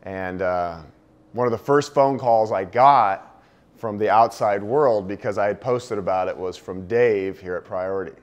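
A man giving a talk to an audience, telling a personal story in an earnest, heartfelt way, his voice dropping low and soft on the sad parts. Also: measured pace. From United States. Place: indoor venue with a live audience.

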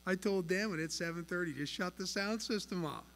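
A male pastor delivers a sermon from the pulpit, earnest and emphatic, his voice sitting a little high for a man. He swings from soft, low passages to louder pushes. A faint mains hum runs under the recording. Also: brisk. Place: church sanctuary. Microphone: pulpit mic.

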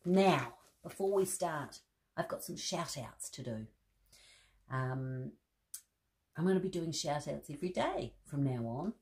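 A woman's voice: sits low, lively intonation, measured pace, pauses often, darkish tone. A woman reading a bedtime story to children in a playful, chatty way, laughing and commenting on the pictures.

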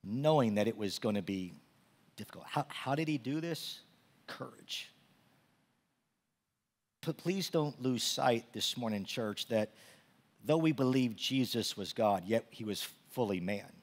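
Male preacher in his usual mid register, stammers and repeats when the story heats up, goes from calm teaching to loud and animated. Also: mid-range voice, measured pace, pauses often. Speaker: pastor. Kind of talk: sermon.

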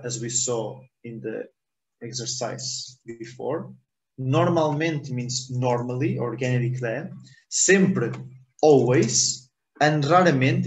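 A man's voice: medium pitch, reverberant, low-quality recording. A man teaching a language lesson in English, repeating words and checking understanding with "ok?".

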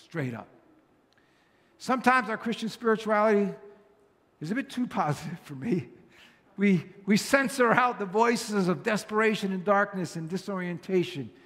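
Male pastor with a high voice, earnest conversational preaching, long hall reverb; fits a church sermon read. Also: animated, normal speed, fairly bright tone.

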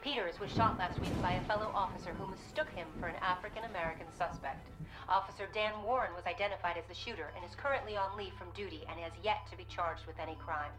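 An actress reading a news report as a TV anchor in a crisp, formal way. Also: female voice, on the low side, fast talker, over music, lightly acted, poor audio.

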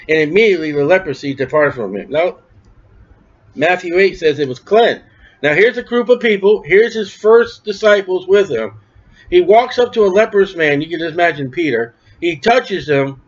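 A man with a high voice preaches a sermon in a conversational, questioning way. He asks questions and answers them himself, and he raises his voice to act out the people in the story. The recording is dull and lo-fi. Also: animated, moderate pace. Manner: acts out quoted voices with raised pitch.

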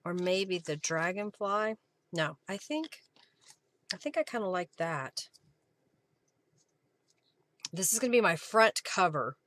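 A woman's voice: on the low side, lively intonation, slow pace, long pauses, a bit bright, no echo. A woman hosting a live crafting stream, chatting casually as she thinks aloud while she works and thanks her viewers. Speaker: craft journaling host.

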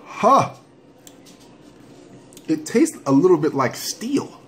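A man doing a casual hot sauce challenge vlog at home, animated and joking while his mouth burns from the sauce. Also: medium pitch, moderate pace, slight background noise. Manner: animated, joking, breaks into whoops and coughs. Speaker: vlogger.

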